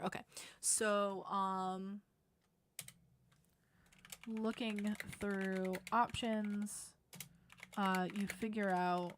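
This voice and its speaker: A woman thinks out loud while designing a game on a live stream, her voice often sinking into quiet, half-whispered mutters. She sits at a desk microphone in her room, with keyboard typing, clicks and a faint hiss behind her. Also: medium pitch.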